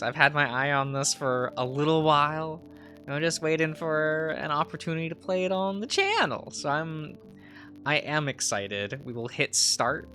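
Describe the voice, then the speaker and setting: Man, streamer, animated let's play, chuckling asides, bright voice. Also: a little high. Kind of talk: let's play, reading a visual novel aloud.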